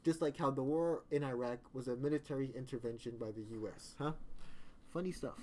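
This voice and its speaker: A man's voice: mid-range voice, fairly quick, a little mellow, slight background noise. Rambling joking male streamer. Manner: rambling, joking, corrects himself mid-sentence. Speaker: live streamer. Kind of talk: casual live-stream chat.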